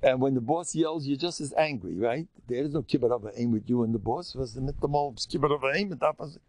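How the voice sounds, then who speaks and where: An older man, a rabbi giving a Torah lesson in an animated storytelling way, acting out quotes. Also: mid-range voice, a little fast. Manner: animated storytelling, acts out quotes, mixes in Yiddish and Hebrew. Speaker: rabbi teaching a class.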